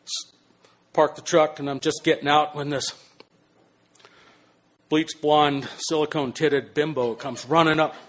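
An older man telling a personal story in an animated, swearing way, swinging between hushed and loud. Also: fairly high pitch, measured pace, long pauses. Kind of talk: spoken personal anecdote.

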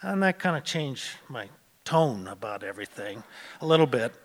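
A man's voice: medium pitch, very animated, normal speed, in a large hall. A man from Montana telling a personal travel story in a conversational way, with frequent restarts. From Montana, USA.

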